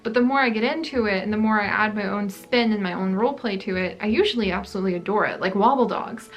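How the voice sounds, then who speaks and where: A woman's voice: medium pitch, fast talker. A woman hosting a gaming channel, chatting casually through a Q&A vlog in a rambling, friendly way. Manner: chatty, rambling, many "like" fillers.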